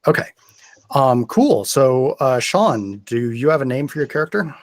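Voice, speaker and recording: A man's voice: mid-range voice, sing-song, a little slow. A man running a tabletop game as game master, explaining the rules in a careful, methodical and hesitant way.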